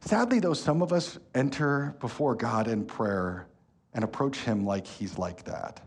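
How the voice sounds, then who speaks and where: A man, preaching a sermon as pastor, telling stories with lively energy and turning soft and slow when earnest. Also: medium pitch, slightly rough. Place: church hall.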